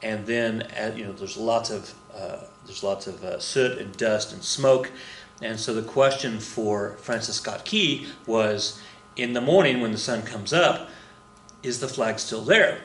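A man's voice: lowish voice, unhurried, reverberant, slight background noise. A man teaching a casual history lesson to his students, talking in a rambling, conversational way with many fillers and restarts.

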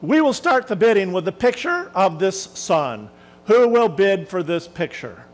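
A man's voice: high voice, sing-song, unhurried. A man voicing a formal, persistent auctioneer who keeps pressing for bids. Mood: insistent.

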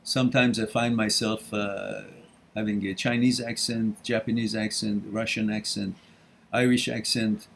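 A man's voice: on the low side, little pitch movement, a little slow, vocal fry. A middle-aged man hosting a live question and answer stream, talking casually and laughing often. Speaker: host. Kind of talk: live Q&A talk.

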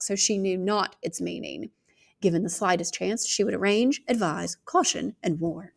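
A woman reading a novel aloud, expressive, shifting her pace and volume. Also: medium pitch, creaky. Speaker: audiobook reader.

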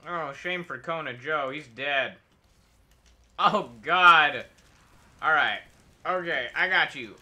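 A man's voice: on the high side, measured pace, pushed and bright. A man streaming a video game, talking casually and joking in a rambling, mock-patriotic way. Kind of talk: casual gameplay commentary.

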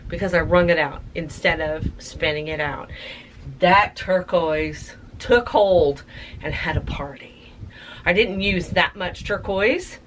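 A woman chatting her way through a tie-dye tutorial, thinking aloud and getting excited. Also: mid-range voice, a little hiss or hum. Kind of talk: casual craft tutorial.

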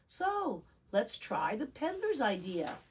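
A woman voicing a welcoming mother in a storybook reading, high and bright. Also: wildly swooping pitch, slow pace, slight background noise, heavily acted.

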